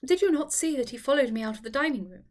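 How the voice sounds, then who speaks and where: A woman's voice: sits high, expressive, quick pace, darkish tone. Woman voicing a tearful, indignant young widow. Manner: breathless, upset pleading. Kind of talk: audiobook reading.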